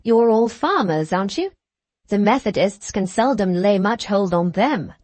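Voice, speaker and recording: A woman voicing an inquisitive gentleman traveller on horseback, speaking briskly and politely in an audiobook reading. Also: mid-range voice, expressive, dry recording. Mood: curious.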